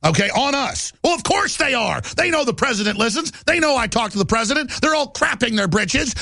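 Talk show host guy ranting hard, raspy fry in his voice, dead dry sound. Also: very high voice, expressive, pushed and bright, no room sound. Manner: agitated, ranting, fast and emphatic. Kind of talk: political talk show monologue.

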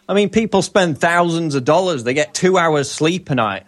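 A man's voice: fairly high pitch, expressive, moderate pace. A man giving commentary on a talk show as correspondent, indignant and emphatic.

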